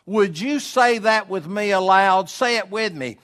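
A man preaching a sermon as pastor, swinging from loud calls to quiet storytelling. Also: high-pitched, measured pace. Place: church.

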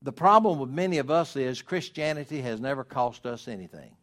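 A pastor in his sixties preaching a sermon, building to loud emphatic peaks and then dropping low and quiet. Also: expressive, brisk. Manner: preaching with swelling emphasis and sudden drops.

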